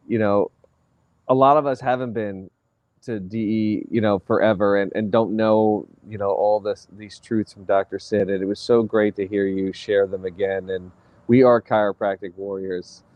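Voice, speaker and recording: A man's voice: lowish voice, no echo. A man hosting a weekly call, speaking in a friendly, casual way with lots of "you know". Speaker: host. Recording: dull dry call audio.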